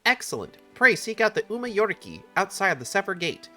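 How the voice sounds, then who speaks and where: A man's voice: high-pitched, big pitch swings, a little fast, pushed and bright, faint music behind, voice pushed up, exaggerated voice. A man reading game dialogue aloud, voicing a courtly official who speaks in a formal, old-fashioned way. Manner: stately, archaic phrasing.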